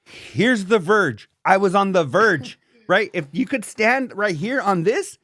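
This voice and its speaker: A man co-hosting a podcast in animated, profane casual chat, calling his friend "dog". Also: high voice, a little slow, dry recording. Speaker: podcast co-host.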